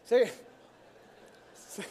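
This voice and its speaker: A man preaching a storytelling sermon in an animated way, acting out the people he quotes. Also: extremely slow. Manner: animated, acts out quoted people, chuckles while telling. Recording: long hall reverb.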